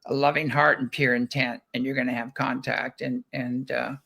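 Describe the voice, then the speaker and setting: A man's voice: mid-range voice, flat delivery, normal speed, vocal fry, bright, forceful tone. Rambling man telling stories. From United States. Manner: rambling, repeats words and acts out quotes. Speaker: guest, ranch founder. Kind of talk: casual chat, anecdotal storytelling.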